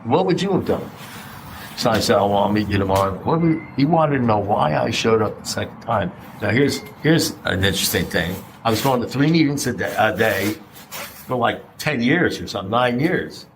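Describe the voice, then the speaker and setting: A man's voice: lowish voice, animated, moderate pace, slight background noise, poor audio. A middle-aged man speaking at a recovery meeting, blunt and conversational, throwing out rhetorical questions and the odd curse. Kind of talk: personal share at a recovery meeting.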